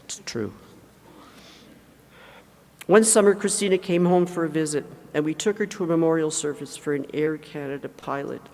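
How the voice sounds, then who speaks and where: An older woman, mother of the deceased, giving an emotional, halting eulogy with frequent self-corrections in a large hangar. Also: sits low, a little mellow. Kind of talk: memorial eulogy. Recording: long reverb in a large hangar.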